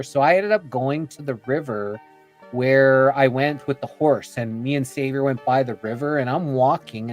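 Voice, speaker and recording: A man's voice: fairly high pitch, a little mellow. A man on a podcast telling a long personal story in a chatty, rambling way, full of "you know" and "like," acting out what people said. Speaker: podcast guest.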